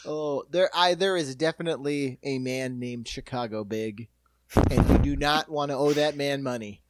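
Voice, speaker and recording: A man's voice: medium pitch, very noisy. A man co-hosting a comedy podcast, rambling and jokey in casual chat. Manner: rambling, jokey, quick asides. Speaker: podcast co-host.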